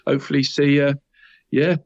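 A talkative man co-hosts a casual football show, rambling and tacking "mate" onto almost every phrase. His voice is mid-pitched. It sounds dry and close to the mic. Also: level tone, moderate pace, vocal fry, a little mellow, no echo, highs cut off. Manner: chatty, says "mate" constantly, rambling. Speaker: podcast co-host.

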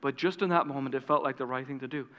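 Brief: pastor, male, bright, crisp tone, long hall reverb. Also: medium pitch, quick pace. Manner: dramatic storyteller, drops to a hush. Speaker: lead pastor. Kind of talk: storytelling sermon.

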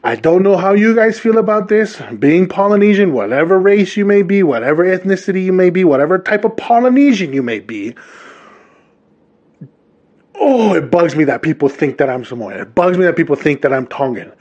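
Podcast host from Hawaii, thirties, slightly high voice, animated casual storytelling, dull lo-fi recording. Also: male voice, a little fast. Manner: animated, talks straight to listeners. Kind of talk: casual monologue.

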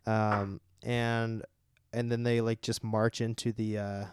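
A man's voice: fairly low pitch, flat delivery, slow pace, darkish tone, smooth, dry recording, studio quality. A man with a Southern US accent co-hosting a podcast in casual chat, rambling with fillers and laughs. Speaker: podcast co-host.

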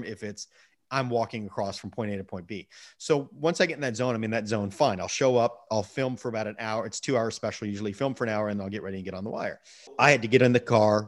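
A middle-aged man telling a long personal story in a casual interview, animated and repeating words as he gets going. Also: on the low side. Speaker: guest.

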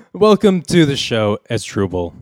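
A man hosting a comedy podcast, interviewing a guest with wry, deadpan banter. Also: medium pitch, no echo. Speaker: podcast host. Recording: dry close studio mic.

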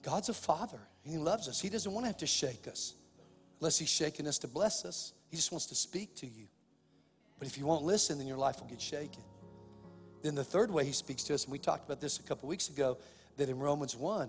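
A man preaching a sermon as pastor, impassioned, swinging between hushed, heavy passages and loud, driving ones. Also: medium pitch, a little fast, long reverb tail, faint music behind.

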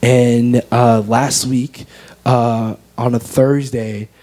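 Earnest young man, mellow voice. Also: mid-range voice, little pitch movement, very slow. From United States. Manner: earnest, heartfelt storytelling. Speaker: guest. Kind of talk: personal faith testimony in an interview.

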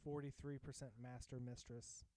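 A man co-hosting a podcast, chatting casually in a rambling, halting way as he reads out a list of results. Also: mid-range voice, level tone, warm tone, dry recording, low-quality recording. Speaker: podcast co-host. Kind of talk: casual chat.

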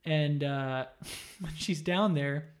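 A man with a slightly higher voice recaps a story in casual, animated chat. His delivery is loose and swears freely, and he slips into the characters' lines as he goes. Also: slow. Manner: animated, profane storytelling with acted-out quotes. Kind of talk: casual retelling of a game story.

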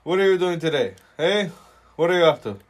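A man's voice: fairly high pitch, lively intonation, a little fast, pitched above the performer's own voice, lightly acted. A man putting on the voice of a boisterous restaurant owner who greets customers as "my brother" and pushes food on them. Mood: eager, pushy. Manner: loud, pushy, repeats "my brother". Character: boisterous middle-aged male restaurant owner.

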